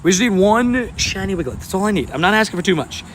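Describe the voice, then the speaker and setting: A man's voice: high-pitched, animated, fast talker. A man live-streaming outdoors, chatting casually with his viewers and laughing often. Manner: laughs often, talks to chat. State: sweaty and hot. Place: outdoors at a park by water. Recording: faint outdoor background noise.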